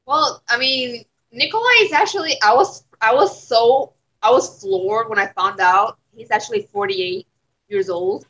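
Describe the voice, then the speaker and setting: A woman's voice: on the high side, unhurried, a bit bright, highs cut off. A woman on a guest panel, chatting casually and teasing with playful quips. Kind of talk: casual chat.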